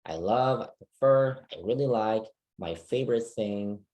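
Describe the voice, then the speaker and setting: A man's voice: on the low side, normal speed, a little mellow. A man teaching an online English speaking class, patient and checking that students understand.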